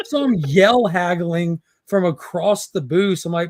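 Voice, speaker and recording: A man in casual livestream chat, telling a haggling story and acting out the quotes in an animated way. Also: high voice, normal speed, few pauses, dry recording, studio quality. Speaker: comic collector guest.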